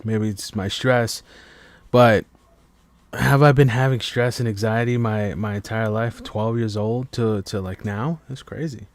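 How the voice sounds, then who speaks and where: A man's voice: on the low side, fairly even intonation, unhurried, dry recording. Rambling, stammering man on a late-night stream. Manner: rambling, stammering restarts, heavy swearing. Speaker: live stream podcast host. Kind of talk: casual late-night monologue. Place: at home while others sleep.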